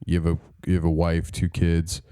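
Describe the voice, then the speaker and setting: A man's voice: low voice, completely flat delivery, moderate pace, mellow, smooth. A young man co-hosting a casual podcast, spinning a rambling, joking story and acting out bits with a laugh. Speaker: podcast co-host. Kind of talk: casual chat.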